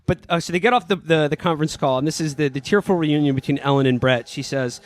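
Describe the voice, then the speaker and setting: A man's voice: fairly high pitch, quick pace. A man co-hosting a comedy podcast, reading a novel aloud in a mocking, dramatic way and often breaking into laughter. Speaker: podcast co-host.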